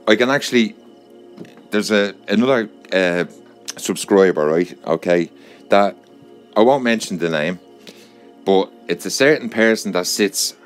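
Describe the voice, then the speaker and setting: An Irish man vlogging to his subscribers in a rambling, repetitive monologue. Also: deep voice. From Ireland.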